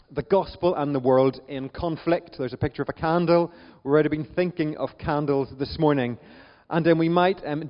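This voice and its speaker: Northern Irish male preacher, chatty sermon, slightly high voice, long reverb. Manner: chatty, self-deprecating, frequent ums. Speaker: visiting preacher. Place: church hall. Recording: dull church recording with long reverb.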